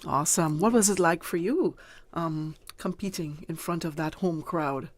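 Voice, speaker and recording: A woman hosting a radio sports show, interviewing a guest in an upbeat, encouraging way with quick affirmations. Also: deep voice, dry recording. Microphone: studio mic.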